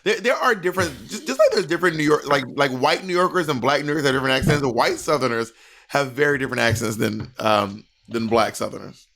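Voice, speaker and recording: A man's voice: mid-range voice, creaky, fairly bright tone. A man with a Southern American accent, co-hosting a casual chat, sassy and teasing. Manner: sassy, teasing, quick asides. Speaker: podcast co-host.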